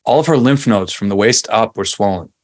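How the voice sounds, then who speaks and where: A man in his forties from Long Island, New York, telling his story as a podcast guest in a relaxed, chatty way with plenty of fillers and restarts. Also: on the low side, a little fast. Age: 40s. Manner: conversational, many fillers and restarts. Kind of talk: casual interview storytelling.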